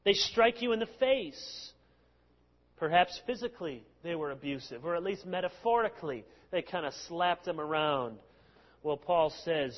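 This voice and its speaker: A male pastor preaching a sermon, explaining passages with lively sarcastic asides. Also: on the high side, normal speed. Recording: long hall reverb, dull lo-fi sound.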